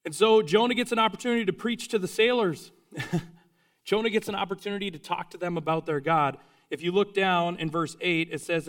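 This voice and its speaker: A male preacher delivering a sermon with a slightly high-pitched voice. He speaks earnestly and conversationally, now and then restarting a phrase as he works out his point. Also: a little fast, fairly bright tone.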